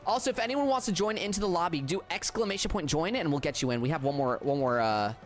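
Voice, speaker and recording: Man, game streamer, tired, flat subdued delivery, halting restarts, fairly high voice, faint music behind. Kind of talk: casual livestream chat with viewers.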